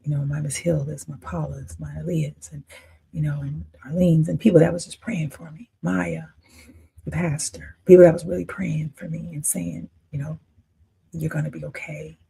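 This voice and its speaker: A woman in her fifties telling a personal story in an emotional, emphatic way, swinging between loud declarations and near-whispers. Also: low voice, fairly even intonation, normal speed, gravelly, husky. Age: 50s. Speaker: independent filmmaker.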